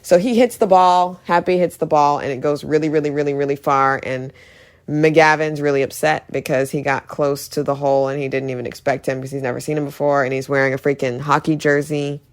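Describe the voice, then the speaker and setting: A woman's voice: low voice, fairly even intonation, a little fast. A woman casually recapping a movie with strong opinions, talking in a chatty way full of "like" and "literally". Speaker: movie reviewer.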